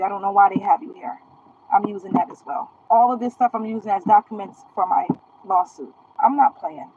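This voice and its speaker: A woman streams live from her phone, ranting in a defiant, boastful and profane way. Her voice is a little high with a darkish tone, and the audio is dull with slight hiss or hum.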